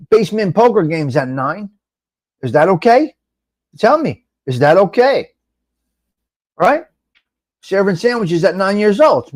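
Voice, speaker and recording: A high-voiced, middle-aged man rambles through a casual live chat on a webcam mic. His pitch swings widely as he calls out viewers by name and drops the odd curse. The sound is dry and close. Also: no echo. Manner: animated, rambling, swears, addresses chat by name. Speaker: live show host.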